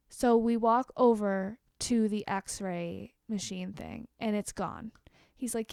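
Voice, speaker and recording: A young woman vlogger telling a storytime rant to the camera, candid and expressive, swearing freely and tossing quick asides to her viewers. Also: medium pitch, vocal fry, clear, resonant tone, dry recording, studio quality.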